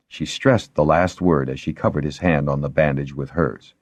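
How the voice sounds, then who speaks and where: Deep-voiced male audiobook narrator. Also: expressive, normal speed, hardly any pauses, darkish tone, no echo, dull audio. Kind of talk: scripted narration.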